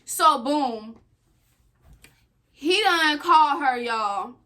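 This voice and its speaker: A woman's voice: high-pitched, expressive, extremely slow, pushed and bright. A young woman co-hosting a vlog, telling a family story in a loose, slangy, casual way. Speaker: vlog co-host.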